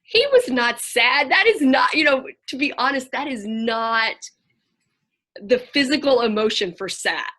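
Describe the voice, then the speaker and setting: A woman counselor talking to a group over a video call, telling lively stories and acting out what children said. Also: a little high, a little slow. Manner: animated storyteller, acts out children's voices.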